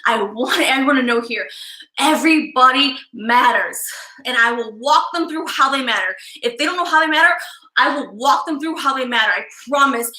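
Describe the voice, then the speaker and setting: A woman from Chicago hosting a live psychic stream, talking fast with intense energy. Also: high-pitched, sharp tone, roomy sound, low-quality recording. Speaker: psychic livestream host. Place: live-stream setup, indoors.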